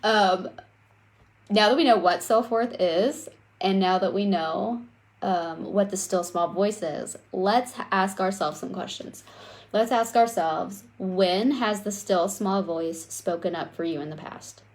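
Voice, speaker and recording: A young adult woman giving a live coaching talk on self-worth, speaking straight to her viewers in a lively, conversational way. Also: medium pitch, measured pace. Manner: animated, conversational, addresses viewers directly.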